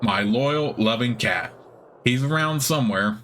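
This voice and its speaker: A man's voice: medium pitch, expressive, a little slow, a bit bright, a little hiss or hum. A man voicing an elderly, lonely male wizard who is eager and talkative, read aloud from a game's dialogue. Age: older.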